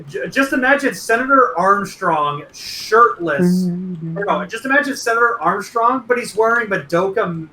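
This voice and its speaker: A young man on a casual podcast, telling crude stories with animated energy. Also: high voice. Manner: animated storytelling, crude jokes, voices friends. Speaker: podcast regular telling a story. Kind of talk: casual chat. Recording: echoey room with faint noise.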